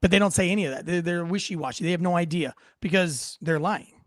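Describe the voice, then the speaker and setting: A man who was a police officer, giving blunt, profane, animated commentary on footage. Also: high voice, quick pace, dry recording. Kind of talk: casual reaction commentary.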